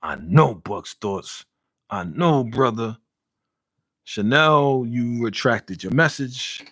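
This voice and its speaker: Animated man hosting a live stream. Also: mid-range voice, slow, no room sound, clean studio sound. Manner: animated, heated rants, reads viewer comments aloud. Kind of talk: casual live-stream reaction chat. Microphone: studio podcast mic.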